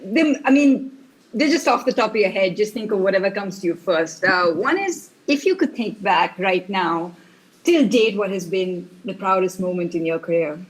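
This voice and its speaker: A woman's voice: medium pitch, lively intonation, moderate pace, low-quality recording. A woman hosting a casual podcast, chatty as she puts her questions to a guest, sometimes stumbling over her words. Her voice sits in an ordinary middle range. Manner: chatty, asks questions with some hesitation. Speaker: podcast host.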